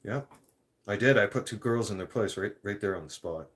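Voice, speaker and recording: A man's voice: on the low side, a little fast. A man ranting in a vlog, blunt and profane, rambling and restarting his sentences. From Canada. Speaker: vlogger.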